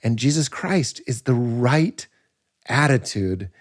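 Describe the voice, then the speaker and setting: A comedian appearing as a podcast guest chats casually, riffing in an animated way and laughing at his own points. His voice is mid-range and his pace slow.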